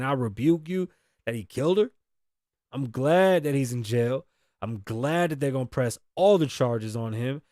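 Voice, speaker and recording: A man's voice: on the high side, dry recording, studio quality. A man hosting a podcast, giving blunt, indignant commentary on the news, swearing freely and acting out the lines of the people in the story. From Las Vegas. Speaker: podcast host.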